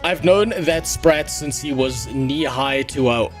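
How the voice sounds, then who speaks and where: A man voicing a gruff old male townsman who talks in pirate speech, reading the lines haltingly aloud. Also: medium pitch, faint music behind, natural voice. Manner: halting read-aloud with stumbles over names.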